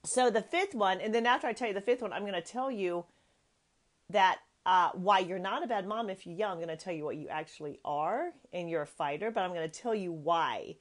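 A woman's voice: mid-range voice, brisk. A woman in her thirties hosting a motivational parenting podcast. She talks earnestly and with emphasis, often repeating her key phrases. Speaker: podcast host.

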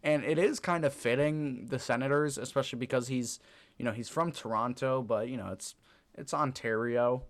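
Male podcast co-host, mid-pitched, laid-back, teasing, laughs easily. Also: moderate pace. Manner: easygoing, laughs often, teasing. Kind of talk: casual chat.

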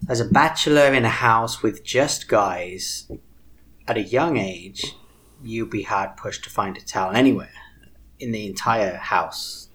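A man's voice: fairly low pitch, unhurried, fairly bright tone. A man co-hosting a podcast, telling a story in casual chat. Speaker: podcast co-host.

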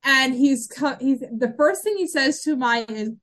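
A woman co-hosting a podcast, talking in a relaxed, chatty way. Her voice sits a little high, and she often trips over her words and starts her sentences again. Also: measured pace. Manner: chatty, frequent restarts and fillers. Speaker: podcast co-host. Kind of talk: casual chat recapping a TV episode.

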